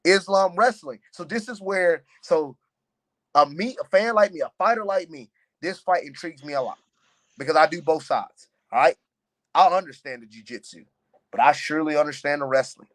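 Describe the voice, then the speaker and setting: A young man with a slightly high voice, talking about fights on a podcast. He tells his stories in a loose, animated way and drops a lot of "man" and "you know." It sounds like relaxed, casual chat. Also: moderate pace.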